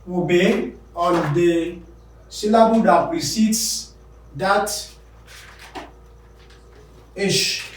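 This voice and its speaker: A man teaching an English pronunciation lesson, slowly stressing and repeating key words. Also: high voice, distant mic, a little hiss or hum. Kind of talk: classroom lesson. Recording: echoey room, speaker away from mic.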